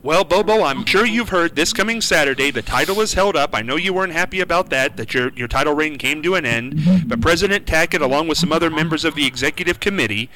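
A man's voice: fairly high pitch, lively intonation, fast, few pauses, bright, forceful tone, a little hiss or hum, low-quality recording. A man hosting a local radio talk show, effusive and stammering over his words. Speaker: radio host.

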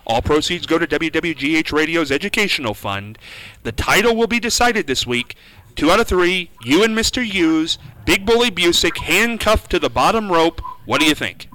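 A man's voice: on the high side, animated, moderate pace, pushed and bright, poor audio. A man hosting a local radio talk show, effusive and stammering over his words. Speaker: radio host.

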